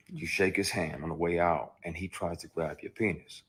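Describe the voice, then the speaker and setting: In an interview, a man tells his story emphatically and with plenty of profanity, acting out outbursts as he recounts events. His voice is low-pitched and slightly rough, with fairly even intonation at normal speed.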